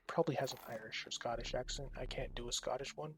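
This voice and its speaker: A man casually commenting as he streams a card game, thinking aloud and sometimes dropping to soft near-whispers. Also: mid-range voice, fairly even intonation, fast, slight background noise.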